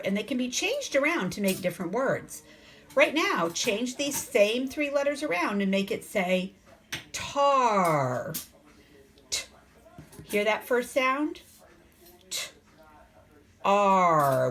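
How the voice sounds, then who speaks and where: A woman teaching a phonics lesson to young children, sounding out letters slowly and asking the class coaxing questions. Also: medium pitch, a bit bright. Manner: slow, sounds out letters and words.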